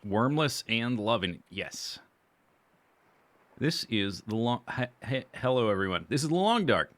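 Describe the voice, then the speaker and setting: A lowish, fairly bright male voice carries this casual survival game stream. He chats and meanders through his gear and plans, frequently correcting what he's just said.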